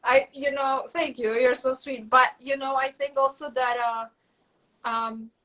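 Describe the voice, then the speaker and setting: A woman telling stories in a casual interview, animated and full of fillers and restarts, acting out quoted dialogue. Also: high voice, a little slow, poor audio. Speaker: guest.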